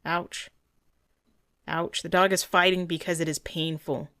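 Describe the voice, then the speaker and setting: A woman's voice: fairly low pitch, fairly even intonation, fairly quick, fairly bright tone, smooth, dry recording, clean studio sound. A woman dog trainer giving earnest, indignant commentary over a training video, often restarting her sentences.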